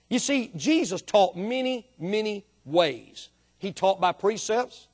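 A man preaching a sermon, emphatic, swinging from quiet explanation to loud drawn-out emphasis. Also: high-pitched, animated, breathy edge. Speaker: pastor.

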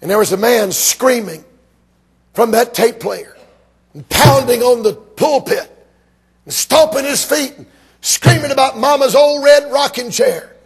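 A man from Georgia preaching a sermon, telling stories emphatically and rising to shouts. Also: extremely high pitch, measured pace, breathy edge.

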